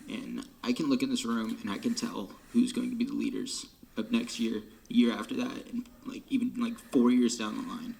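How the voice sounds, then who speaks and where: Young man, late teens, gravelly voice, emotional, half-whispering drum major farewell. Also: mid-range voice, fairly even intonation, moderate pace, few pauses, a little mellow. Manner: choked up, often dropping to a whisper, sighing. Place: band room.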